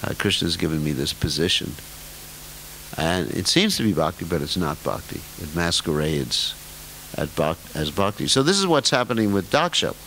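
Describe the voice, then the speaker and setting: An older man with a lowish voice gives a scripture lecture, his pitch rising and falling a great deal. He drags out key words for emphasis and drifts into wry jokes at his own expense. Faint hiss runs under the recording. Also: very animated, moderate pace, a bit bright, rough recording. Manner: humorous, self-deprecating asides with chuckles. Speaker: spiritual teacher giving a scripture class.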